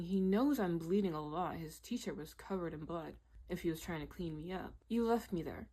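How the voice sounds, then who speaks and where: A woman's voice: fairly low pitch, a little mellow. A woman telling a personal story in a candid, chatty way, peppering her talk with "like" and "literally". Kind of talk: casual storytime vlog.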